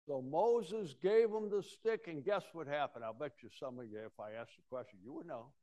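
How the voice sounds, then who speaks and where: A man preaching a folksy sermon, acting out Bible scenes with sudden swings from loud to hushed. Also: mid-range voice, sing-song, moderate pace, hardly any pauses. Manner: folksy storytelling, acting out voices with big swings of loudness. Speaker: pastor.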